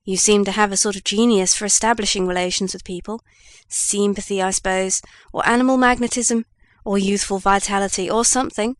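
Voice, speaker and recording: Brief: a woman reading an old, kindly newsroom editor for an audiobook, mid-pitched, dry close sound. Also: steady tone, brisk, no echo, close to an everyday voice. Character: kindly old male Scottish news editor.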